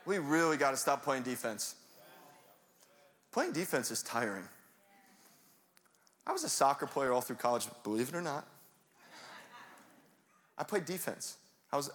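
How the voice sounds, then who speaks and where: A young man preaching a sermon in a lively, conversational way, now and then rising to a shout. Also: on the high side. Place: church sanctuary. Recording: long hall reverb.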